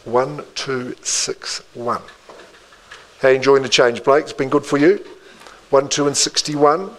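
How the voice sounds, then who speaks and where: A New auctioneer calling bids live in an indoor room. He keeps up a rhythmic patter at a mid-range pitch, repeating the figures over and over and dropping in quick friendly asides. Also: steady tone, rough recording.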